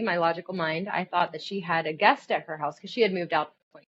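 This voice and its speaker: A middle-aged woman with a lowish voice tells her personal testimony earnestly, her retelling turning animated and alarmed at its tense moments. The recording is dull and a little lo-fi. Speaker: testimony speaker.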